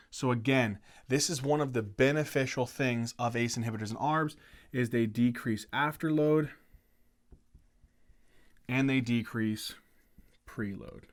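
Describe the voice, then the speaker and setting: Male medical lecturer, mid-pitched voice, lively questioning delivery, casual teaching tone. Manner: energetic, asks the class questions, says "right?" often. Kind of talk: whiteboard lecture.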